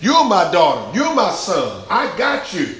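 A man's voice: high voice, huge pitch swings, a little slow, a bit bright, faint music behind, full character voice. A man preaching in the voice of Jesus, tender and pleading as he speaks in the first person. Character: Jesus, gentle reassuring divine man. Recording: very echoey church hall.

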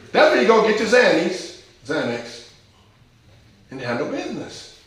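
Impassioned preacher in a very echoey hall. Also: male voice, high voice, very animated, measured pace, long pauses. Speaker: pastor. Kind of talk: sermon.

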